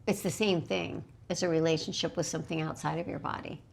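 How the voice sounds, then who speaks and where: A woman's voice: low voice, steady tone, fast, vocal fry, slightly rough. Conversational woman co-hosting a wellness talk. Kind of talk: casual chat.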